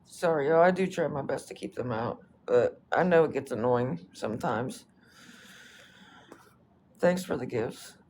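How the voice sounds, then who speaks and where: A woman's voice: very deep voice, animated, unhurried, long pauses, a little mellow, slight background noise. A woman chatting casually on a livestream, brushing off trolls with a laid-back, dismissive, swear-heavy manner.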